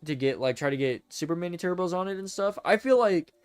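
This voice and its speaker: This streamer has a high, clean-toned voice and talks fast, recorded dry. He chats excitably and casually, wandering off on tangents, stuttering, and fixing his words partway through sentences.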